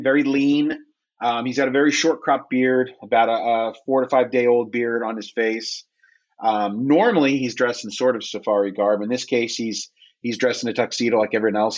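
Husky male player, dull audio. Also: medium pitch. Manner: casual, hesitant.

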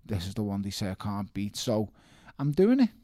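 Emphatic man, low voice. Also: very animated, moderate pace, mellow, dry recording, studio quality. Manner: emphatic, repeats words, calls listener mate. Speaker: professional boxer, guest. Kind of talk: casual interview talk.

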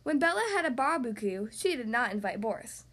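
A woman reading a children's picture book aloud in an expressive, sing-song way. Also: fairly high pitch, a little fast. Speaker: storyteller.

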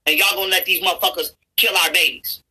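A man delivers an angry commentary rant with a husky, rough edge to his voice. His tone is piercingly bright, and he stumbles through restarts before rising into shouts. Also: high voice, fairly even intonation, quick pace, poor audio. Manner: profane, repetitive, stammering restarts, rising to shouts. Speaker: YouTuber. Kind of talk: angry ranting commentary over a played clip.

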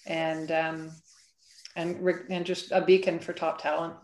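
Earnest woman guest, lots of ums, lower voice. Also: flat delivery, unhurried, darkish tone. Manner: earnest, thoughtful, with many fillers. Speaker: guest author. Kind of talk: casual interview chat.

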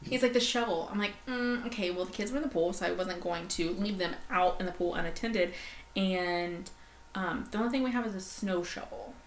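A woman co-hosting a casual chat podcast, telling stories with lively quoted voices. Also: lowish voice, a little fast. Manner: animated storyteller, acts out quoted voices. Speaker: podcast co-host. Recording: echoey room, faint ambient noise.

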